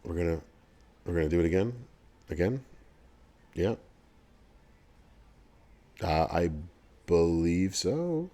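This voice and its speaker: Laid-back low-voiced man hosting a livestream. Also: big pitch swings, slow, pauses often, warm tone. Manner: chatty, laughs often, answers chat messages. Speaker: livestream host for a mobile game. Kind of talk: casual livestream chat, reading game news to chat.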